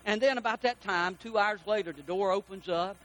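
A middle-aged preacher man delivers a sermon. His voice sits high and sounds bright and forceful. He slows right down to lean on key words and acts out the people in his stories. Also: low-quality recording. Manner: preaching with storytelling, slow emphatic stresses, quoted dialogue. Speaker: pastor.

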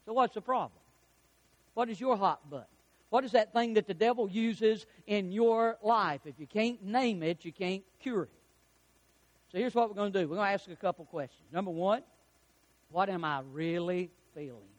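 A man's voice: high voice, normal speed. A man preaching a sermon as pastor, telling stories and acting out the lines of people in them. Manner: storytelling preacher, acts out quotes, chuckles at own jokes.

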